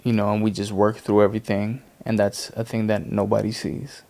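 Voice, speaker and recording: Man, 30s, podcast co-host, low gravelly voice, easygoing rambling talk. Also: brisk. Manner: relaxed, rambling, many fillers. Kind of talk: casual faith chat.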